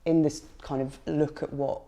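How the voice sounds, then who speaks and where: Low, mellow Lincolnshire woman. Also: level tone, normal speed. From Lincolnshire, England. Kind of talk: casual chat.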